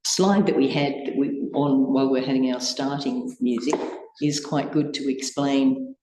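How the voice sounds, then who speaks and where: A woman's voice: a bass voice, steady tone, moderate pace, warm tone, roomy sound, big-room sound, a little hiss or hum, low-quality recording. A woman co-hosting a meditation podcast, chatty and curious, asking questions and agreeing readily. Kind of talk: casual spiritual discussion.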